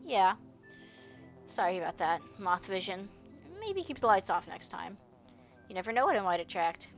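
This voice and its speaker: A woman voicing a squeaky, cheeky young male mothman creature who teases and snaps back. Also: very animated, normal speed, muffled recording, faint music behind.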